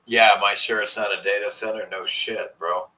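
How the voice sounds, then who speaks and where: A man's voice: lowish voice, fairly even intonation, normal speed, bright, forceful tone, poor audio. A man chatting casually with viewers on a live stream, rambling and swearing as he complains in frustration. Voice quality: profane, rambling. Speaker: vlogger.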